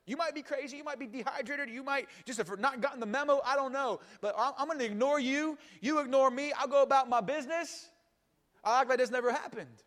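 A man's voice: extremely high pitch, a little fast, a bit bright, long reverb tail. A man voicing a fed-up, sarcastic woman at a village well who brushes off a stranger, during a sermon. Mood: dismissive. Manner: sarcastic, dismissive.

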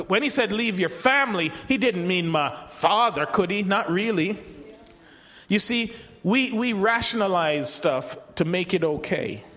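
Speaking in a high, fairly bright voice, a man preaches conversationally and acts out the voices he quotes. He frequently repeats words and starts over, all with a long hall reverb.

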